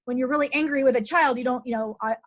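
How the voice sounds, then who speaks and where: A middle-aged woman physician hosts a conversational interview, her voice sitting high and moving fast. She sounds earnest and leans on plenty of fillers.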